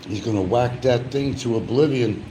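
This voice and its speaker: A man's voice: medium pitch, moderate pace, mellow, a little hiss or hum, low-quality recording. A man talking casually and rambling at home while he eats, grumbling about the news between bites. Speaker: vlogger. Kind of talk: casual eating vlog chat.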